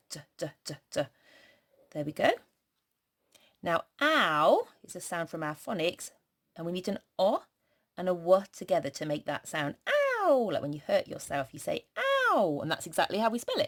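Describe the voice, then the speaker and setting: Lady teacher, lowish voice, slow singsong phonics for little kids. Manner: slow, sing-song and encouraging, sounding out letters. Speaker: primary school teacher. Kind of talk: teaching young children to write a sentence.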